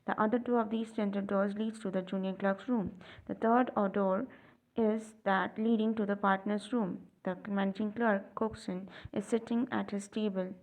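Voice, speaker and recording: A woman reading a stage play aloud for learners, including its stage directions, with small slips. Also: mid-range voice. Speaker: audiobook reader.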